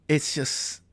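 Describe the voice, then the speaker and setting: A man in his thirties, a podcast host rambling through a profane comedic monologue and laughing at his own jokes. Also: dry recording. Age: 30s.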